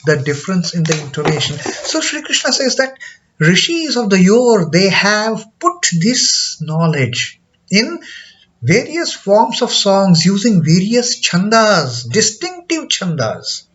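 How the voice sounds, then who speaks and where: A man with an Indian English accent explaining a scripture lesson, hesitant with many fillers and repeats, chanting verses slowly. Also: sits high, very animated, fairly bright tone. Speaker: scripture teacher. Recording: dull lo-fi recording.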